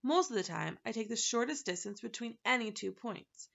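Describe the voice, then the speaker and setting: Brisk male number wizard, matter-of-fact and explaining, creaky edge, voiced by a woman; lo-fi. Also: a little high, animated, a bit bright, full character voice.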